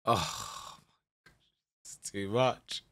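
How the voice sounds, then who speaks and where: A young man giving live commentary over a football management game, swinging from muttered dread to shouted excitement. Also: fairly low pitch, extremely slow. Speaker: gaming YouTuber.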